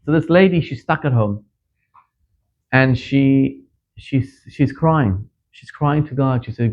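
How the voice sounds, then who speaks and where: A middle-aged man from Zimbabwe, a rabbi giving a sermon and telling stories, his voice climbing sharply whenever he stresses a point. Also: takes it slowly. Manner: animated storyteller, pitch leaping up for emphasis. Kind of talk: sermon with storytelling. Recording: dull lo-fi recording.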